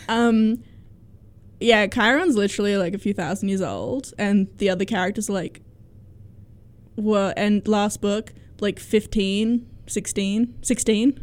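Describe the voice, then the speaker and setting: A young woman in casual chat, defending her view with laughter and quick interruptions. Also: mid-range voice. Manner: defensive, laughing, talks over the other speaker.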